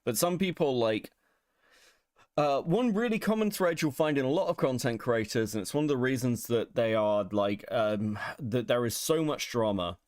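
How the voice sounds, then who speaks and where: A man's voice: mid-range voice, expressive, moderate pace, a little mellow, dry recording, studio quality. A man hosting a podcast, commenting casually with wry laughs and offhand swearing. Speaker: host.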